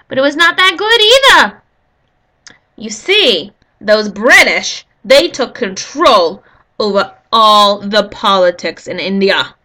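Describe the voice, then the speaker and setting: A woman's voice: fairly high pitch, bright, forceful tone. A woman giving a casual, rambling history lesson, full of jokey asides to her viewers. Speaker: history video host.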